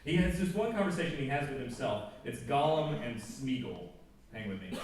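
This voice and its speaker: A man speaks in a casual, joking way to a school audience, full of asides. His voice is mellow and dark. It booms around a big echoey auditorium, caught from a distance with faint noise underneath. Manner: conversational and joking, with many asides. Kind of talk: informal chapel talk.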